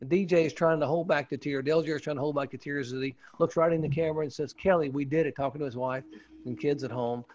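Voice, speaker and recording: A man's voice: on the high side, fairly even intonation, quick pace, a little mellow. A man and former pit reporter, telling a story in a casual interview, enthusiastic and rambling with restarts. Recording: dull, muffled lo-fi audio.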